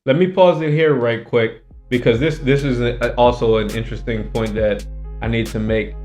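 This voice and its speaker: A man's voice: medium pitch, fairly even intonation, moderate pace, a little mellow, soft background music. A man hosting his own commentary channel, arguing his points emphatically and repeating them for stress. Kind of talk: opinionated casual commentary.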